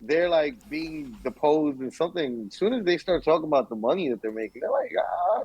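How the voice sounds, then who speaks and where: Animated young man, podcast co-host. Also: a little high, brisk, few pauses, breathy edge, dry recording, rough recording. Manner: animated storytelling, acts out quotes. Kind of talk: casual chat.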